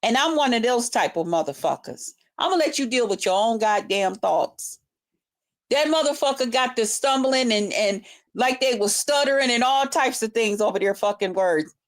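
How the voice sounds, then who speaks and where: A woman with a high voice vents straight to the camera in a casual vlog. She talks in a confrontational way, swearing constantly and hammering her points home by repeating them. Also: expressive, moderate pace. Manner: profane, confrontational, heavy swearing; repetitive, emphatic. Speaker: vlogger. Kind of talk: casual ranting monologue.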